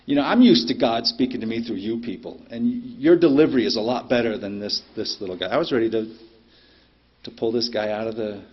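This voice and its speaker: Husky middle-aged man sharing at a meeting. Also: mid-range voice, a little fast. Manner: plainspoken, frequent ums, blunt cursing. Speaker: speaker at a recovery meeting. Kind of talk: personal recovery share. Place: meeting room. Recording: dull lo-fi meeting recording.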